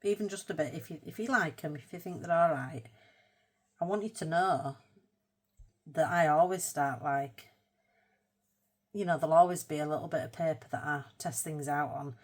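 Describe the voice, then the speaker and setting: A woman hosting a casual colour-with-me art video. She chats in a rambling, self-mocking way and murmurs softly to herself as she paints. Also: sits low, normal speed, long pauses. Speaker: art channel host.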